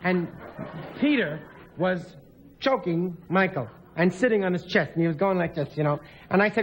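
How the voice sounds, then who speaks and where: Excitable man with a high voice, guest on a talk show, rambling comic storyteller. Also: moderate pace. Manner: rambling, excitable, laughs often, acts out voices.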